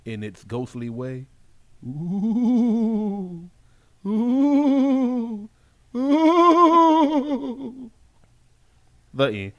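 Slow, playful male radio co-host. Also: mid-range voice, lo-fi sound. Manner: playful, draws out words for spooky effect. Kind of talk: slow poem reading and radio banter.

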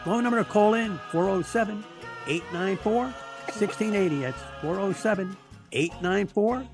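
High-voiced, energetic radio host. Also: male voice, normal speed. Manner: energetic, repeats his greetings. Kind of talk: live call-in radio hosting. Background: music bed.

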